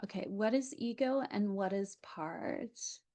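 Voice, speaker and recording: A woman's voice: medium pitch, takes it slowly, warm tone. A woman on a video call giving an Akashic Records reading, repeating words and relaying what she is shown.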